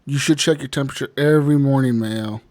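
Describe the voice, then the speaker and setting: A man's voice: medium pitch, fast talker, darkish tone, dry recording. A man hosting a casual gaming podcast, loose and laughing, swearing now and then. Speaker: podcast host.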